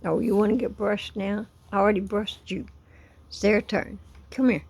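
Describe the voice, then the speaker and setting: A woman's voice: mid-range voice, fairly even intonation, moderate pace, gravelly, darkish tone, slightly rough, no room sound. A woman at home, filming on her phone as she brushes her cats and talks to them in cooing baby talk. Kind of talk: casual pet talk. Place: at home indoors.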